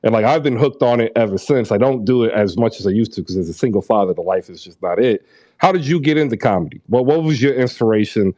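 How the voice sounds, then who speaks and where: A man's voice: on the low side, fast talker, dark tone, no echo. A man in his thirties hosting a casual online chat, who laughs easily and rambles loosely through an ad read. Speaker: host.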